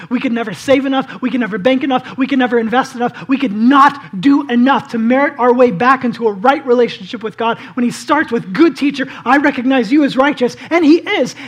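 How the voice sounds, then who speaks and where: A man's voice: very high voice, husky. A male pastor preaching a sermon with passion, acting out the people in the story as he goes. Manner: impassioned preaching, acts out the voices of the people in the story.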